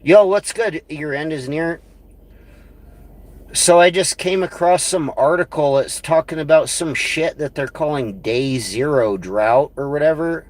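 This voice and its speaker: A man's voice: a little high, unhurried. A man on a livestream, ranting crudely and scornfully in a rambling way. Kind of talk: profane livestream rant.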